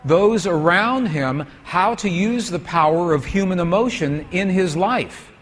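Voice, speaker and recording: A man's voice: sits high, lively intonation, measured pace, faint music behind. A man giving a storytelling lecture with slides to an audience, asking them questions as he goes.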